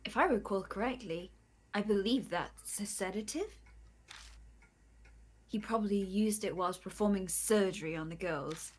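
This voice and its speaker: A woman reading a calm game companion. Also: medium pitch, measured pace, breathy edge. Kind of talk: reading game dialogue aloud.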